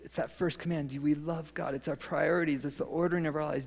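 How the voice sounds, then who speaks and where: A man preaching a sermon with emphatic repetition and frequent chuckles, then dropping to a hushed prayer. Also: fairly high pitch, fairly even intonation, fast, creaky. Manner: emphatic, repeats phrases, chuckles often, softens to a near whisper in prayer. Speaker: pastor. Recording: long reverb of a large hall.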